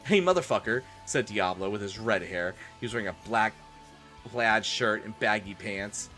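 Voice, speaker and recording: A man's voice: lowish voice, fairly even intonation, moderate pace, bright, forceful tone, soft background music. A man streaming a comedic dramatic reading with mock-dramatic narration and wry asides.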